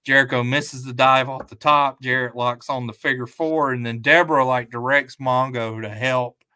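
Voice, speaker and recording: Bright-voiced man recapping wrestling casually. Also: medium pitch, fairly even intonation, normal speed, smooth, no room sound. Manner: rambling, with many fillers and restarts. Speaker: podcast co-host. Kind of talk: casual chat, match recap.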